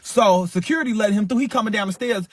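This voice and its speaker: High husky man telling a wild story. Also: fast talker. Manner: animated, sound-effect-heavy retelling. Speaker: livestream host. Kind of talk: casual profane storytelling.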